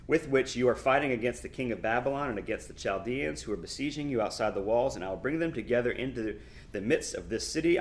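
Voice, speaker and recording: Reading scripture aloud during a Bible lesson, this middle-aged man delivers the text with animation and emphasis. He slips in quick side comments, and his pitch is medium.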